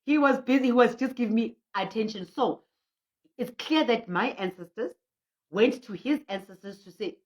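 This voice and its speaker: Middle-aged South African woman, traditional healer host, animated livestream storyteller, muffled lo-fi sound. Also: a little high, moderate pace. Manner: animated storytelling, reads out viewer comments; frequent laughter and restarts. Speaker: traditional healer hosting a prayer session. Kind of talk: livestream talk. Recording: muffled lo-fi audio.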